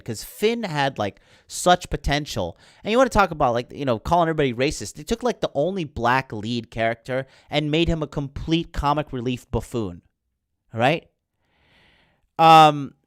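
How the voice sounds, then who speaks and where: A male podcast host in mid rant, swearing freely and sneering at every plot turn. His voice is smooth and resonant, recorded close with no room echo. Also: medium pitch. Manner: profane, heated, sarcastic. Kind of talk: ranting film commentary.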